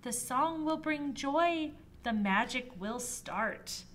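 A woman reading aloud and voicing a brave, eager young male knight in a high, earnest voice. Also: animated, takes it slowly, a bit bright, slight background noise, heavily acted.

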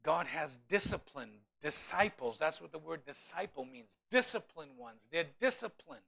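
A man, a pastor, preaching a sermon in an animated way with humorous asides to the congregation. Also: fairly high pitch, moderate pace, gravelly.

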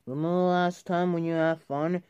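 A man's voice: fairly high pitch, level tone, moderate pace, noisy background, lightly acted. A man voicing a cautious, worried male engine in a homemade story, speaking fretfully and disapprovingly.

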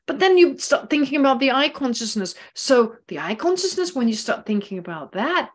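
A woman's voice: sits high, very animated, normal speed. A woman teaching Buddhist philosophy in an online class, explaining carefully and repeating key phrases. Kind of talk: online lecture. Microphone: online class microphone.

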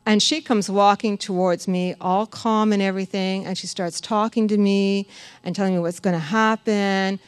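A woman giving a personal testimony at a church service, telling her story in a lively way, laughing often and acting out what others said. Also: mid-range voice, clean tone, dry recording. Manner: animated storytelling, laughs often, quotes others in acted voices. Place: church sanctuary.

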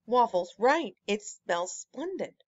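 A woman voicing Sir French Toast, a calm, courteous older gentleman who speaks mildly and agreeably. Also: a little high, slow, no room sound, muffled recording, heavily acted.

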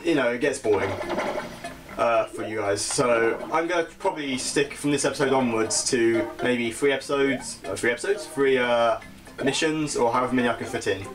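A man's voice: mid-range voice, normal speed. Chatty British young man over game music. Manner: chatty and self-mocking, laughs at his own mistakes. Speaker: gaming channel host. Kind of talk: casual let's-play commentary. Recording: game music playing behind the voice.

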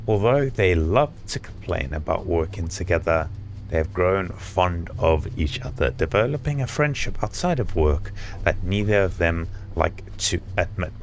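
A man doing gaming commentary, sarcastic and swearing, reading game text aloud haltingly. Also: sits low, animated, slight background noise. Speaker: let's play host. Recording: game music behind.

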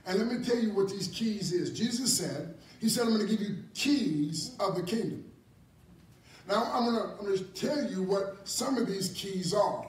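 A man preaching a Bible class in a church hall, animated and repetitive, often chuckling. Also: high voice, normal speed. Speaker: apostle teaching a ministry class. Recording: echoey hall from far off, faint noise.

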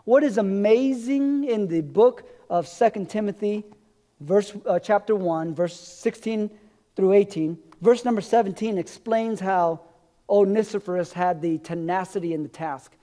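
A man with a very high voice preaching a live sermon in church. He tells personal stories, and his voice often drops low and quiet at the end of a line. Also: a little slow. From America. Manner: storytelling, dropping low and soft at line ends. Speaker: pastor. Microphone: live-streamed stage mic.

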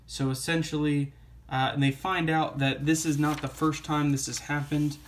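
A man's voice: a little high, little pitch movement, normal speed, a little hiss or hum. A man reviewing a comic book in a casual vlog, rambling and wry, full of fillers and restarts.

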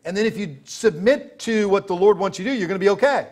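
A man's voice: high voice, expressive, quick pace, darkish tone. A man preaching a sermon as pastor, emphatic and full of rhetorical questions, laughing as he tells stories.

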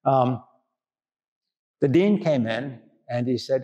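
A man's voice: mid-range voice, slow, dark tone. An older man from Brooklyn, a priest telling a folksy story in a chatty sermon full of asides. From Brooklyn, New York. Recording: echoey hall with long reverb.

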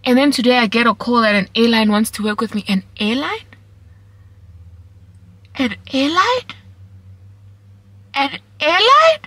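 A husky-voiced young woman chatting to her vlog camera. She talks with open emotion, slipping between English and Zulu. Her voice has a breathy edge. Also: on the high side, fast talker, hardly any pauses, a bit bright, no room sound, low-quality recording. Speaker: vlogger. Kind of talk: casual vlog chat.

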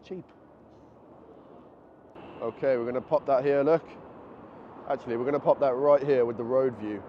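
Walking through city streets and into a convenience store, a male vlogger keeps up casual, excited narration, musing aloud as he goes. His voice is medium in pitch at a normal speed, a touch breathless. The recording is muffled outdoor camera audio with traffic and street sounds.

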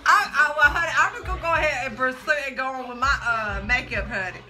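A woman's voice: high-pitched, fast. A woman co-hosting a makeup livestream, sassy and chatty, calling everyone honey and child. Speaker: livestream co-host. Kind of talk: casual livestream banter. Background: background music.

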